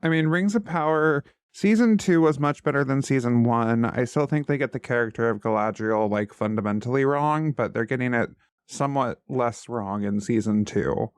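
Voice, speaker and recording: A man co-hosting a relaxed podcast, chatting animatedly about what he has been reading and watching. His voice is smooth and resonant, at an ordinary pitch, recorded close and dry. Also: normal speed, no room sound. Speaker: podcast co-host. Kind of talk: casual chat.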